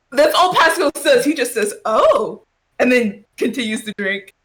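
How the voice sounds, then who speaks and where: A woman's voice: high-pitched, sharp tone. A woman playing in a tabletop role-playing game, chatting casually, laughing often and swearing freely. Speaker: player.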